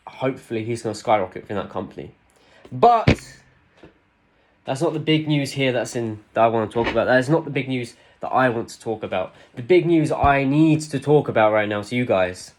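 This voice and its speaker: A man co-hosts a casual podcast, chatting with a fan's eagerness. He rambles through his points and leans on fillers, his pitch sitting at an ordinary middle height. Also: fairly quick, a little hiss or hum. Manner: excitable, rambling fan talk with fillers. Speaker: podcast co-host. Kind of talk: casual wrestling podcast chat.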